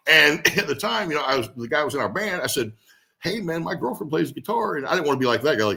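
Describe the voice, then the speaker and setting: A man in a casual interview, telling stories as a guest musician and singer, animated and swearing freely. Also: on the high side, fast, vocal fry.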